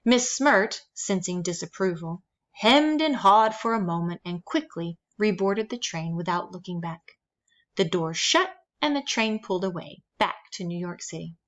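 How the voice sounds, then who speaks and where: A woman reading a children's novel aloud, telling the story steadily with lively emphasis. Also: on the low side, normal speed, highs cut off. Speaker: reader.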